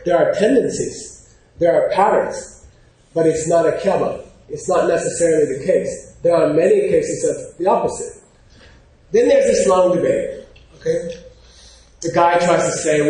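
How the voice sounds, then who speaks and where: A man giving an informal, animated lecture, often pausing to check in with his class. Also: a little high. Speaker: teacher. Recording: very echoey room.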